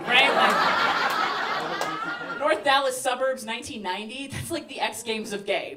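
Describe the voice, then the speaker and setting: A woman's voice: on the high side, over a noisy crowd, heavy background noise. Sardonic woman in her thirties doing stand-up. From Brooklyn, New York, raised in Texas. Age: 30s. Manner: quick, sardonic, acts out characters. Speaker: stand-up comedian. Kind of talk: stand-up comedy set. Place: comedy club stage. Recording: roomy club recording, heard from a distance. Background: audience laughing.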